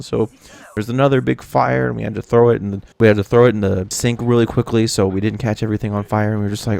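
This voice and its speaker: Deep gravelly young man telling a story. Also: quick pace, no room sound. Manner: animated storytelling with exaggerated reactions. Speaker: video creator. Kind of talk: casual storytime vlog.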